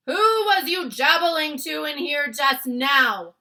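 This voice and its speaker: Woman putting on a booming brutish giant. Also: animated, takes it slowly, gravelly, full character voice. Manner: booming shouts. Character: huge brutish male giant, bullying.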